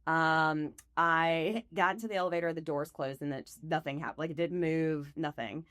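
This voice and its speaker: A woman's voice: low voice, normal speed, fairly bright tone, no room sound, studio quality. A woman guest on a podcast, chatting casually and telling stories with frequent laughter. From United States. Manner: chatty, storytelling, laughs often. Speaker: podcast guest, real estate team leader. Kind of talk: casual chat.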